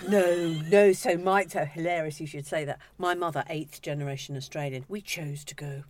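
A woman's voice: low-pitched, moderate pace, crowd noise. A woman food critic chatting as a guest, self-deprecating and rambling. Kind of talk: casual chat.

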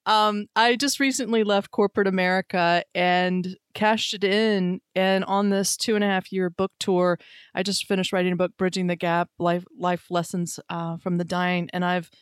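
A woman's voice: fairly low pitch, steady tone, moderate pace, smooth, dry recording, clean studio sound. A woman hosting an interview, earnest and enthusiastic, with frequent fillers and restarts. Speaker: podcast host.

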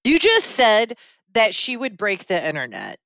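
Lively, expressive woman, dry sound. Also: mid-range voice, no echo. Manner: lively and expressive, quick to protest. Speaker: podcast co-host. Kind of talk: casual chat.

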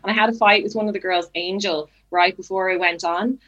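A woman's voice: medium pitch, fairly quick, muffled recording. A young woman, chatting as a guest and telling stories animatedly, often acting out what other people said. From Ireland. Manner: animated storytelling, acts out quoted voices. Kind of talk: casual chat.

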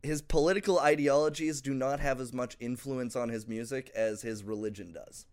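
A man's voice: medium pitch, fairly even intonation, normal speed, a little mellow. Rambling young man hosting a comedy podcast. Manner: rambling, with many fillers and restarts. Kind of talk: casual comedic chat.

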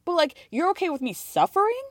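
A woman's voice: very high-pitched, very animated, fairly quick, dry recording, studio quality. A woman hosting a podcast, recapping a reality show in a sarcastic, casual way and laughing often. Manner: sarcastic, laughs often, acts out quotes in mocking voices.

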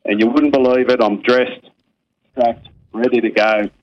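Aussie bloke on the phone telling a self-deprecating footy yarn, laid-back. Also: male voice, medium pitch, steady tone, a little slow. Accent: Australian. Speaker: regular guest on the phone. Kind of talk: casual storytelling. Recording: phone line.

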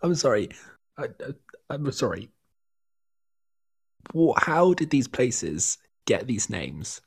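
A man's voice: mid-range voice, big pitch swings, slow, vocal fry, husky. A man co-hosting a casual podcast, sounding sick, with a teasing, wry manner. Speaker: podcast co-host. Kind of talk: casual chat.

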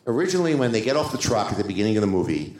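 A man with a lowish voice tells a long behind-the-scenes story and acts out the other people in it. His delivery is animated. The room around him is echoey. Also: racing. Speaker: screenwriter guest. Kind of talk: anecdotal storytelling. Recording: roomy echo.

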